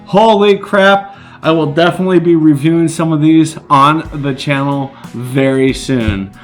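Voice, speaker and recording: A middle-aged man filming a casual unboxing vlog, exclaiming with excitement as he opens a gift box. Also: a little high, normal speed, soft background music. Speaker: vlogger.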